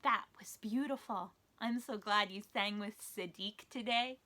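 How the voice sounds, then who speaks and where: A woman hosting a children's story time, speaking in an animated, sing-song way that encourages the children. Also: medium pitch, measured pace.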